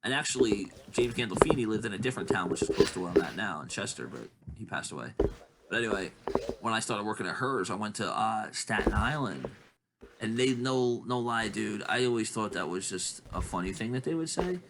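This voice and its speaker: Animated, rambling man telling stories. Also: on the low side, brisk, creaky. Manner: rambling, profane storyteller. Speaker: podcast co-host. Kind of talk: casual chat. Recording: steady background noise.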